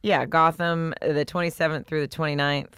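A woman comedian in casual podcast chat, talking about her book with lots of restarts and quick laughs. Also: sits low, steady tone, a bit bright, clean tone, no echo, clean studio sound.

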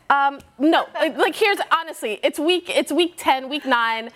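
A woman's voice: high-pitched, animated, measured pace, hardly any pauses. A woman football reporter arguing her point on a sports debate show, playful and confident. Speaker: NFL reporter guest.

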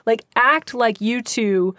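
A woman hosting an advice podcast, talking in a brisk, chatty way and acting out sample requests. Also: fairly high pitch, fairly bright tone, dry recording, clean studio sound. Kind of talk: casual advice chat.

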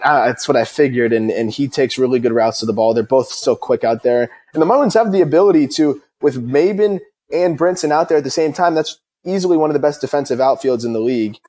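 A man's voice: mid-range voice, fast talker, a little mellow. Eager young man hosting a chat. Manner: eager, talkative. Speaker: host. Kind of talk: casual interview chat.

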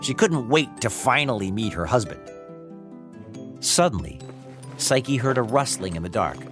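A man hosting and narrating a story in an expressive, playful manner. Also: mid-range voice, unhurried, over music. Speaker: host and narrator.

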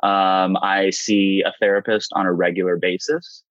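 A man's voice: sits low, normal speed, no room sound, muffled recording. A man in his thirties, a guest in an interview, telling a candid personal story and acting out the voices of the people in it. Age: 30s. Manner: animated storyteller, acts out quotes.

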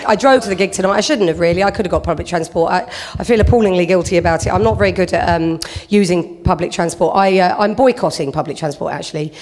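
A woman's voice: lowish voice, fast talker, hardly any pauses, darkish tone. Brief: female stand-up, dry self-mocking delivery, long venue reverb. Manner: self-deprecating, chatty, dry. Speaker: stand-up comedian. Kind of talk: stand-up routine.

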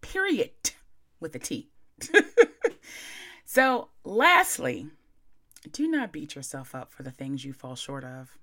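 A woman's voice: huge pitch swings, slow, pauses often, pushed and bright. A young adult woman hosting a self-help podcast, talking candidly and playfully in casual slang.

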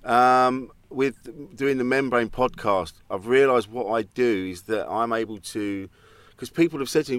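A man's voice: mid-range voice, measured pace, a bit bright, clean tone, dry recording. A man, a comedian and podcast guest, telling personal stories openly and often quoting himself. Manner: open, anecdotal, quotes himself often. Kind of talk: casual conversation.

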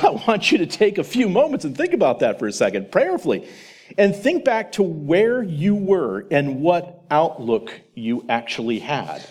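A man giving a Christian teaching presentation, telling a story straight to the listener in an animated way. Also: mid-range voice, husky.

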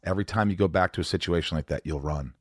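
A man's voice: deep voice, very fast, no room sound, clean studio sound. A man hosting a podcast, talking bluntly and openly about his feelings and swearing freely. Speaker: podcast host. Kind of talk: casual podcast interview.

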